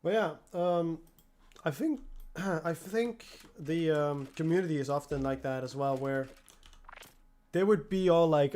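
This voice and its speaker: Exasperated young man ranting, slightly high voice. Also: unhurried, darkish tone. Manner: profane and exasperated, mocking his harassers. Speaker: livestreamer. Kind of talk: angry rant on a livestream.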